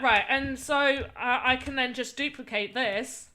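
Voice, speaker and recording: A woman's voice: high voice, unhurried, sharp tone. A woman streaming as she builds a game, thinking aloud and exclaiming at what happens on screen. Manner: thinks aloud while testing her game. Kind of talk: casual live-stream chat.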